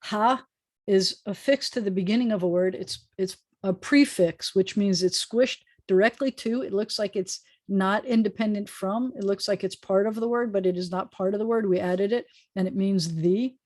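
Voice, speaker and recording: A woman rabbi teaching a Hebrew class over a video call, explaining patiently and repeating words slowly. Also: medium pitch, a little mellow. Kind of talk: online class lecture.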